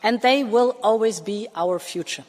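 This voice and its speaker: A woman in her sixties delivers a formal political speech with measured emphasis and deliberate pauses. Her voice sits at a middle pitch. It carries the long reverb of a large parliament chamber. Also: a little hiss or hum. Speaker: Commission president addressing parliament.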